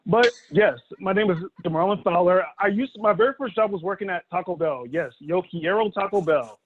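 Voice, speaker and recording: A man in his thirties doing a stand-up set, with a fairly high voice and a conversational, animated way of telling stories. He acts out the quotes in his anecdotes. The sound is thin and boxy, like a phone line, since his son is holding a phone to record him. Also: a little fast. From Dallas, Texas. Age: 30s. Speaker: stand-up comedian. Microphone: phone held by his son.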